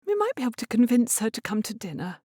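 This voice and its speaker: A woman reading as a proud and stubborn Regency mother, clipped and weary, her voice lifted well above the narration and swinging widely in pitch. It sounds dry and close, with no room around it. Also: big pitch swings, fast, a little mellow, husky, dry recording. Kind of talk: audiobook character reading.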